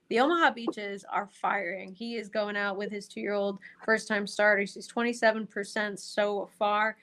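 A woman giving a detailed handicapping rundown as a guest, talking in a chatty, quick way. Her pitch sits in an ordinary middle range. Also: fairly bright tone. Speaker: guest racing analyst. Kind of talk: casual handicapping podcast chat.

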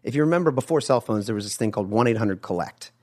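A man who is an actor, a podcast guest telling anecdotes in a casual, animated way and acting out the lines of people in his stories. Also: medium pitch, quick pace. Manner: animated storyteller, acts out quoted lines. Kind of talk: casual interview chat.

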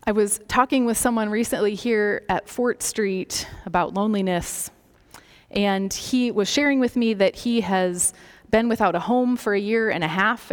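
A woman preaching a sermon in a slow, gentle, reflective way, dropping some phrases to a soft near-whisper. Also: mid-range voice. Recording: long reverb of a large hall.

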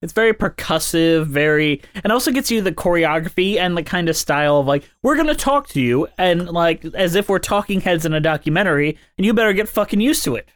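A man's voice: a little high, fairly quick, few pauses, dry recording, clean studio sound. Chatty, joking male podcast co-host. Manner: chatty, swears, jokey, filler-heavy. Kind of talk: casual chat.

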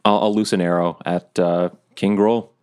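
A man's voice: low-pitched, level tone, normal speed, darkish tone, a little hiss or hum. A man playing in a tabletop game, hesitating and thinking aloud as he plans moves. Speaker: player. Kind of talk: casual tabletop play.

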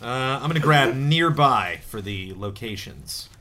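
A man's voice: mid-range voice, expressive, measured pace, bright, forceful tone, slight background noise. A man playing a tabletop game, thinking aloud hesitantly with lots of ums. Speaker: player. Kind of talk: casual chat at a tabletop game.

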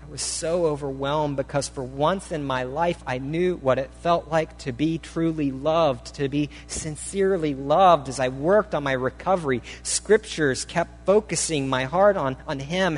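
A man preaching a sermon, reading a testimony aloud in the first person with an earnest, dramatic delivery that swells and hushes. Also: a little high, unhurried, few pauses. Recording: reverberant hall with faint hum.

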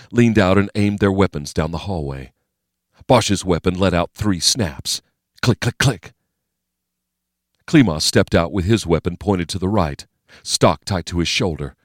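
A man with a very deep, low voice reads a thriller as an audiobook narrator. His delivery is steady, measured and dramatic. The close mic gives a dry, intimate sound with no room. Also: no echo.

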